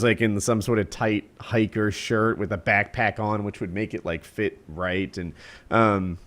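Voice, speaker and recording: A man with a low voice tells an animated story to his co-hosts on a podcast. He talks in a loose, casual way. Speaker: podcast co-host.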